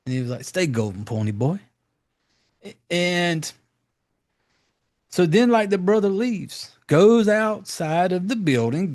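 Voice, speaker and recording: A man's voice: high voice, darkish tone. A man hosting a podcast, recapping a horror film in a rambling, profane, loose way with lots of fillers. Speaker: podcast host. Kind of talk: casual movie recap.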